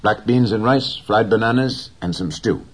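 A man's voice: lowish voice, moderate pace, slightly rough, voice pushed up. A man voicing an earnest, caring young fisher boy in an audiobook reading, coaxing and eager.

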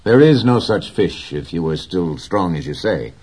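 A man's voice: low-pitched, very animated, normal speed, darkish tone, breathy edge, exaggerated voice. A man voicing an earnest, caring young fisher boy in an audiobook reading, coaxing and eager.

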